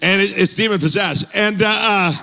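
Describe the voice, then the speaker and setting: A male pastor telling a story in a sermon, lively and self-mocking, with a joking way of talking. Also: high voice, normal speed, creaky, long reverb tail. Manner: animated, self-mocking humor. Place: church auditorium.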